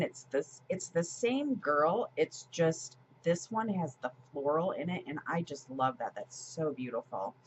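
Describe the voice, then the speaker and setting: Brief: woman, low pitch, chatty planner vlogger with ums and soft laughs, slightly dull recording with a faint hiss. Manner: chatty, warm, lots of ums and small laughs. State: a little choked up with emotion. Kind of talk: casual plan-with-me chat.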